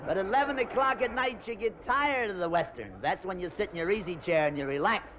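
A man doing a stand-up comedy routine, rambling through bawdy jokes and quick voice changes. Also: high-pitched, fairly bright tone. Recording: dull lo-fi old comedy record with faint hiss.

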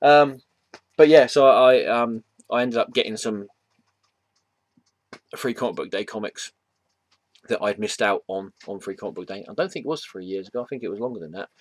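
A man's voice: on the low side, moderate pace, pauses often, no echo. A man chatting casually at home about comics, rambling with many fillers, restarts and self-deprecating asides. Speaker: comic book vlogger. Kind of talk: casual vlog chat. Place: home room.

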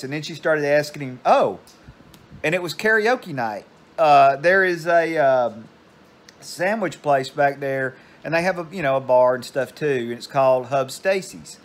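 An older man, casually telling a meandering story at home. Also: mid-range voice. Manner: meandering, digressive. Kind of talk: casual rambling anecdote.

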